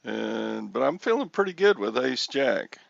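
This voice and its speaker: Very gravelly older man, slow storyteller. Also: mid-range voice, no echo, lo-fi sound. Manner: rambling storyteller, chuckling, yells excitedly when reenacting. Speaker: host. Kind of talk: casual chat. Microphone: headphones with mic.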